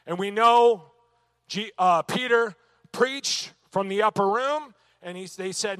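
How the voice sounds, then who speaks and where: A man's voice: high voice, takes it slowly, bright, forceful tone, clear, resonant tone, no echo. Male Bible teacher, emphatic delivery, dry close sound. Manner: emphatic, punctuated with "amen" and rhetorical questions. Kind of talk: church Bible lesson.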